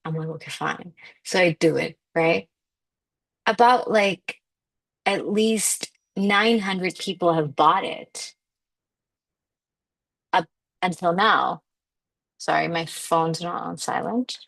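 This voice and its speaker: An emphatic woman with a slightly low voice delivers a motivational spiritual talk as a manifestation coach. She speaks in a loose, conversational way, full of "like" and direct appeals. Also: slow pace, vocal fry, long pauses, a bit bright.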